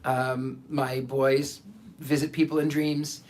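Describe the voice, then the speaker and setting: Guy telling a story, animated, keeps repeating himself, average pitch. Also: slow pace. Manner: animated, repeats words, acts out quoted voices. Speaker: psychic telling stories to camera. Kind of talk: casual storytelling monologue.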